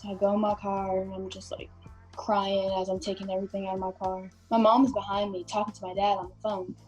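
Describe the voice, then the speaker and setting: A woman's voice: medium pitch, little pitch movement, brisk, darkish tone, muffled recording, soft background music. A young woman, a podcast guest telling a story casually with many fillers.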